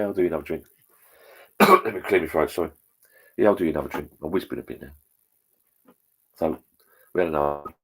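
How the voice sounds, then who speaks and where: The voice is extremely low, creaky and husky, belonging to a middle-aged man running a live stream. He talks bluntly and swears a lot as he reads viewer comments, rambling along like pub chatter.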